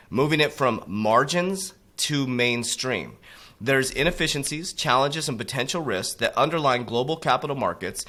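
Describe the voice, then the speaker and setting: A man with a bright, ringing tone delivering a preachy motivational monologue. He hammers his points with repetition and keeps addressing his audience as warriors, sinking low and quiet on each of those tag words. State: coughing from allergies. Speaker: crypto motivational coach.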